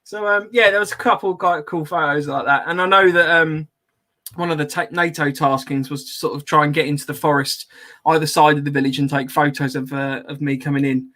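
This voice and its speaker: A man tells a story on a podcast in loose, chatty talk, full of ums and little laughs. His voice sits a touch high and sounds bright and forward. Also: steady tone, a little fast. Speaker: podcast host. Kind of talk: casual chat, anecdote.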